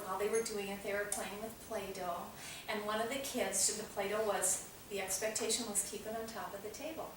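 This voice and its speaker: A woman leading a small parenting group who tells anecdotes and acts out the voices in them. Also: mid-range voice. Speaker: parenting class leader. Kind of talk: teaching a small group, storytelling. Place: meeting room with a small group. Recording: roomy, distant, noisy room recording.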